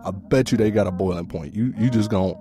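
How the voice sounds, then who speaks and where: A man's voice: lowish voice, fairly quick. A man hosting a podcast, delivering a casual, profane comedic rant full of laughs. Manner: animated, profane, laughing storytelling. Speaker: podcast host.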